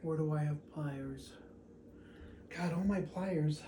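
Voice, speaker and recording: A man vlogging casually, out of breath, halting with frequent pauses and sighs. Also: fairly high pitch, noisy background. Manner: halting, pausing often, sighing. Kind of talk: casual vlog narration.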